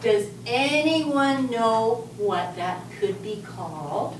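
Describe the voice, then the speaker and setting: A woman teaching a class of young children, speaking slowly and patiently as she leads clapping and rhythm chants. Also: on the high side, animated. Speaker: music teacher. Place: elementary school classroom. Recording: echoey classroom from far off, noisy.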